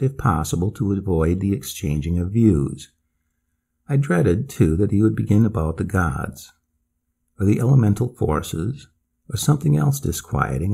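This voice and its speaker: A man narrates a bedtime story in a measured, expressive way. His voice is deep and dark with a gravelly, husky texture. The pitch moves in lively swings.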